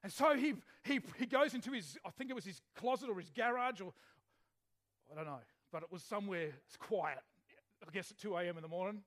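High-voiced chatty male preacher. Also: a little fast, fairly bright tone. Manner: chatty, asks the congregation questions. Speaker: pastor. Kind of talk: sermon.

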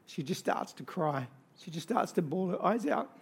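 Man, pastor, sermon, fairly high voice, emphatic repetition, soft storytelling to loud exhortation. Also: animated, moderate pace, gravelly, husky.

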